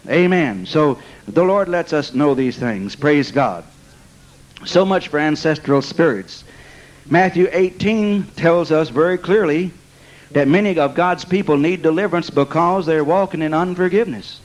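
A man with a notably high-pitched voice preaches a storytelling sermon. He sprinkles amen, bless God and praise God through his testimony and laughs along with his own story. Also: muffled recording.

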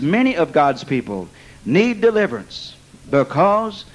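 A man's voice: high-pitched, normal speed, poor audio. A man preaching a sermon, telling a testimony and peppering it with amen and bless God. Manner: animated testimony, laughing at his own story. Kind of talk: storytelling sermon.

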